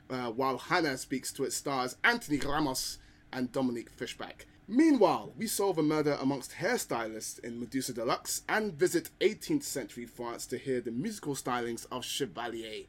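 Lively, playful male podcast host. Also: medium pitch, moderate pace. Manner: playful, theatrical. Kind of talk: scripted show introduction and casual chat.

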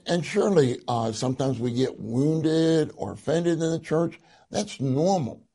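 A man preaching in a slow, deliberate way, pressing hard on the words he wants to stress. His voice is husky and mellow, and he speaks with earnest concern to his listeners. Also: mid-range voice. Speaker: church speaker. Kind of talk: sermon with read-aloud passages.

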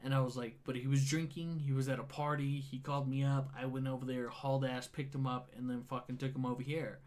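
A man's voice: medium pitch, level tone, quick pace, darkish tone. A man casually retelling a wild night to a friend, swearing a lot and acting out quoted dialogue. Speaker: storyteller. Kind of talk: casual storytelling chat.

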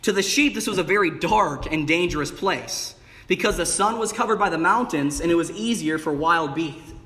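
A young man preaching with a high, bright-pitched voice, bursting into emphatic peaks and calling out to his congregation. His sermon rings through a church hall with a long, echoing reverb. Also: normal speed. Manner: exuberant, rising to emphatic bursts with call-outs of "amen" and "hey". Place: church sanctuary.

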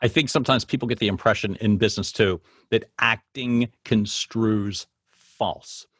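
A man's voice: on the low side, fairly even intonation, normal speed, a bit bright, breathy edge, dry recording, studio quality. Enthusiastic man hosting an interview. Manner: enthusiastic, rambling, affirming. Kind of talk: conversational interview.

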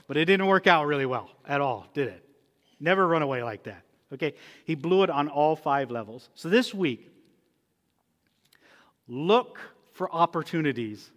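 A man's voice: fairly high pitch, fairly bright tone. A male pastor preaching a sermon in a conversational, emphatic teaching manner. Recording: long reverb of a church hall.

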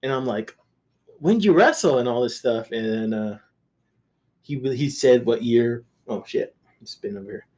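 A man's voice: mid-range voice, steady tone, a little slow, dark tone. A man guest-hosting a podcast, telling rambling, profane anecdotes in casual chat, with restarts and laughter.

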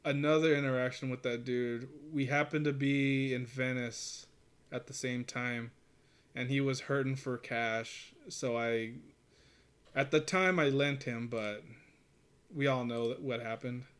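A man in relaxed casual conversation tells a long, rambling story, peppered with curses and laughs. His voice sits at a middling pitch. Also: measured pace, smooth. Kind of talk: casual chat.

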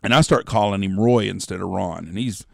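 A man's voice: deep voice, fairly quick, vocal fry, no echo, studio quality. A middle-aged man, telling rambling, profane hunting stories as a podcast co-host. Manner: rambling, profane storyteller who acts out quotes. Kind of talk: casual storytelling chat.

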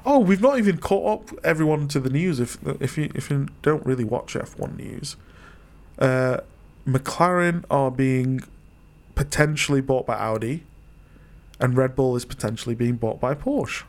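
A man hosting a casual chat podcast, chatty and quick to laugh as he keeps the talk moving. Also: medium pitch. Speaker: podcast host.

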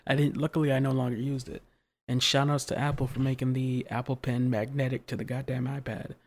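A podcast co-host telling funny stories in an animated, exasperated way. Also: medium pitch, fairly quick. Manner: animated storytelling, exasperated humor. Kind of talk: casual chat.

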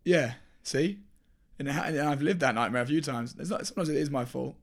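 Fast-talking, gravelly-voiced man. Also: mid-range voice. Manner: probing, keeps asking questions. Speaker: podcast co-host. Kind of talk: casual chat.

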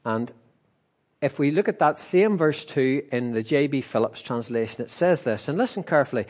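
A man's voice: mid-range voice, lively intonation, moderate pace, darkish tone. A man preaching a sermon in a conversational, emphatic way with asides. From Northern Ireland. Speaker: pastor.

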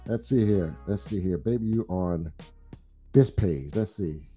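Middle-aged guy on a live stream, loud teasing trash talk, laughs a lot, faint music behind. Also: sits low, expressive, unhurried. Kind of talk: casual live-stream banter.

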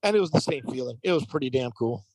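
Animated male umpire telling stories. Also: medium pitch, fast talker, slightly rough, no echo, low-quality recording. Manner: animated anecdotal telling, frequent fillers. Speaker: professional baseball umpire guest. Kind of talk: casual storytelling in an interview.

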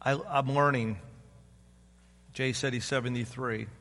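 A man's voice: mid-range voice, fairly even intonation, a little slow, a bit bright, big-room sound. A man in his fifties, a pastor preaching an informal, conversational sermon and acting out other people's voices. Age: 50s. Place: church sanctuary.

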